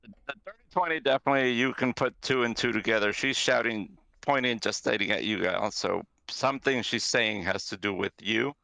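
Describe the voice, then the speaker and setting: Guy dm narrating a tabletop game, gravelly crisp voice, dry close sound, lots of uhs. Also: medium pitch, fairly quick, no room sound. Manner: relaxed, with hesitant fillers and self-corrections. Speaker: game master.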